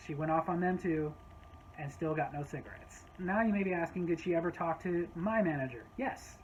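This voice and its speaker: A woman's voice: lowish voice, darkish tone, lo-fi sound, a little hiss or hum. A woman casually retelling a story from her old gas station job, wry and exasperated.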